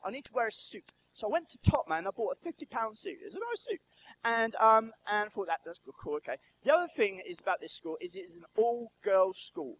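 High-voiced, lively man. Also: a little hiss or hum, rough recording. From Brighton, England. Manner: storytelling, asks the audience questions. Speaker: church speaker. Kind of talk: lively children's talk in church. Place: church.

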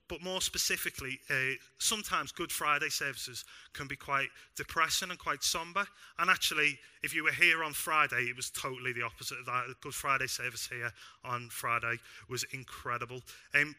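A young man preaching a sermon in a church, animated and self-deprecating with bits of humor. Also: a little high. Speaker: pastor.

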